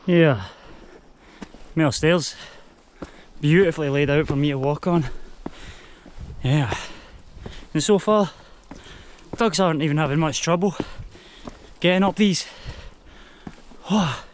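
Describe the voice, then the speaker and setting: Slow and full of long pauses, his fairly high voice comes through with a little hiss or hum as he climbs a trail and talks casually to the camera. He's a young Scottish-accented hiker whose first language is English, his Spanish side being heritage only.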